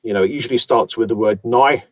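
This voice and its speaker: A man's voice: on the low side, racing, dry recording. Dry-sounding thoughtful male narrator. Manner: thoughtful, self-deprecating, explains at length. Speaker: audiobook narrator. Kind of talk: conversational interview.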